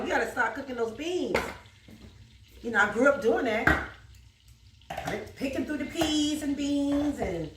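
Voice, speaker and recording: Recorded from a distance in a roomy home kitchen with food frying, this woman's voice is fairly high with a sharp tone, plus a little hiss or hum. She hosts a home cooking video in a New York accent, chatting casually, laughing a lot, and bursting into gospel singing.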